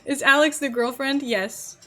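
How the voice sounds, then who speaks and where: A woman's voice: high voice, unhurried, fairly bright tone, soft background music. Giggly young woman streamer, rambling chat. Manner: chatty and giggly, rambling to chat while building. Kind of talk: casual live-stream chat.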